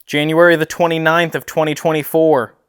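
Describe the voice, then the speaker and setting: A man's voice: fairly high pitch, little pitch movement, brisk, a bit bright, smooth. A man investigating a haunted house, questioning spirits aloud in a musing way and laughing easily, recorded in a room of an old house. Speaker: paranormal investigator. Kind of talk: ghost-hunting session talk.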